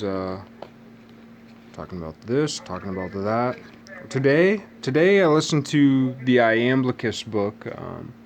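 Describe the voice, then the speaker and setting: A man's voice: mid-range voice, slight background noise. A man talking alone in a loose, rambling monologue, jumping between tangents and correcting himself as he goes. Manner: meandering, self-correcting, jumps between tangents.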